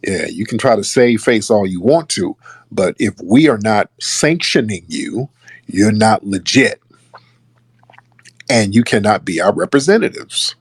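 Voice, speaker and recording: A man with a low, husky voice delivers casual political commentary in an emphatic, scornful way. The sound is close and dry, with no room echo. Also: expressive, a little slow. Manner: emphatic, scornful, mimics others. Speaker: online commentator.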